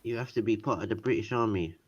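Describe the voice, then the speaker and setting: Low-voiced man asking needling questions. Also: quick pace, breathy edge. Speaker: podcast co-host. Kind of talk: casual chat. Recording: muffled lo-fi recording.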